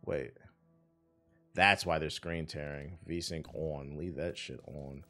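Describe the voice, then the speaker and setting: Deep-voiced guy streaming a game, casual cussing and joking, low-key music behind. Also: fairly even intonation, slow, bright, forceful tone. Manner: loose, profane, laid-back joking. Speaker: streamer playing a video game. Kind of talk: casual gameplay commentary.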